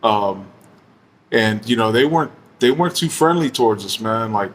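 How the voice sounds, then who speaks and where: A man telling a story in a relaxed, casual way, full of slang, swearing and fillers like "you know". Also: lowish voice, normal speed. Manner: laid-back, slangy and profane, heavy use of fillers.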